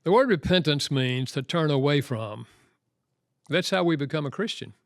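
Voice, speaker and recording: A man's voice: on the high side, lively intonation, moderate pace, no room sound, clean studio sound. A man who works as a marriage counselor and author, telling stories in an interview and acting out quoted dialogue. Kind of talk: interview storytelling.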